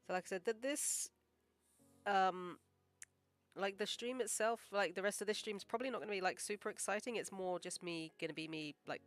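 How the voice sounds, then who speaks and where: A woman's voice: mid-range voice, a little fast, faint music behind. A woman animator chatting casually on a livestream while she draws, rambling with lots of "like" and "um" and sounding modest and encouraging. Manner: rambling, full of "like" and "um". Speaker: animator live-streaming her work.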